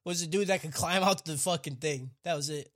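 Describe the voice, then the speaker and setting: A man's voice: on the high side, fairly quick, a bit bright. A man co-hosting a podcast, joining in with crude, laughing banter. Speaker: podcast co-host. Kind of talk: casual chat.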